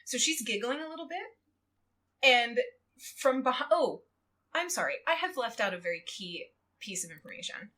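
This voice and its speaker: A woman guesting on a podcast, recapping a book in casual chat, animated and giggly as she tells it. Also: fairly high pitch, moderate pace. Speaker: guest co-host.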